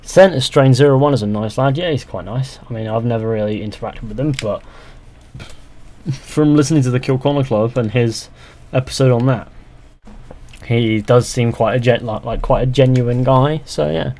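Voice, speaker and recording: A young man with a mellow, medium-pitched voice and a moderate pace live-streams a game. Chatting casually as he plays, he reads comments from chat and answers with dry sarcasm.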